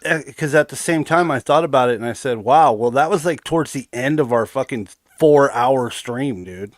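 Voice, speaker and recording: A man's voice: medium pitch, normal speed, no echo. A man hosting a casual stream, cursing freely, joking and reading viewer comments aloud. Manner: profane, joking, reads chat aloud. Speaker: host.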